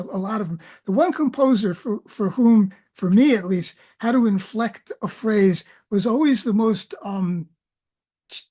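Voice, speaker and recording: A woman lecturer in an academic discussion, talking in halting phrases with many restarts. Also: medium pitch, a little mellow, breathy edge.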